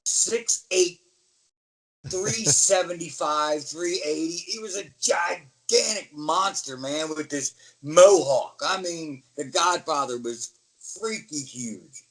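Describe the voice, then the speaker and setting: A middle-aged man from the United States talks in a lively, storytelling way, often slipping into the voices of the people he describes. His voice sits a little higher than most men's. He speaks as a guest recalling his wrestling career in a relaxed interview. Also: takes it slowly, poor audio. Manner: animated storyteller, acts out quoted voices. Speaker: guest, former pro wrestler.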